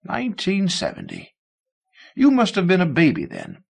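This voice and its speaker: A man reading a story aloud, voicing a gentle, nostalgic old man who lingers softly over what he remembers. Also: high voice, huge pitch swings, moderate pace, gravelly, pitched above the performer's own voice, heavily acted.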